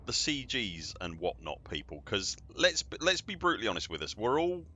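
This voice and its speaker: Deep-voiced, jokey streamer. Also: male voice, sing-song, moderate pace, bright, forceful tone. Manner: chatty, rambling and jokey. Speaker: game streamer. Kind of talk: casual livestream chat. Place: at home.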